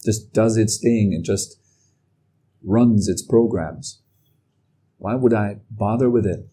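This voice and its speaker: A man giving a calm, reflective talk as a meditation teacher. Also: lowish voice, slow pace, husky. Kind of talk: dharma talk.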